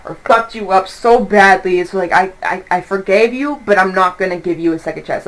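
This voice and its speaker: Animated, cursing young woman reading tarot. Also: mid-range voice, brisk, poor audio. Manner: animated, profane, acts out quoted voices. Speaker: tarot reader.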